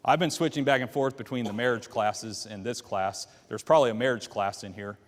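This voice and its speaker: A man's voice: mid-range voice, a little fast, big-room sound. A man teaching a Bible class, walking listeners through the story by quizzing them with questions. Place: church classroom.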